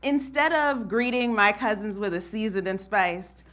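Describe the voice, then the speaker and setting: Lively bright-voiced woman telling a story. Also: medium pitch, measured pace. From New Jersey, USA. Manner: expressive, animated storytelling with frequent laughs. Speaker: monologue performer. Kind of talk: performed spoken-word monologue.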